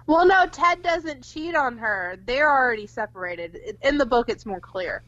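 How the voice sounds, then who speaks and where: Animated, profane young woman podcaster. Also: sits high, a little slow, dry recording, highs cut off. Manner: animated, swears freely, laughs often. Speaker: podcast co-host. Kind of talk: casual film discussion.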